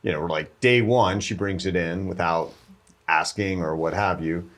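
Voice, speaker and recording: Deep-voiced male co-host, dry teasing humor, rambling storyteller. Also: unhurried, fairly bright tone. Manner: dry ribbing, rambling asides. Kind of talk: casual office banter.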